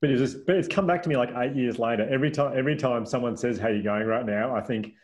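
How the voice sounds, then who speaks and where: A man's voice: medium pitch, quick pace. A man in his thirties, a podcast guest telling anecdotes in casual chat, laughing often and restarting sentences. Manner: animated storyteller, laughs often, many restarts and "like" fillers.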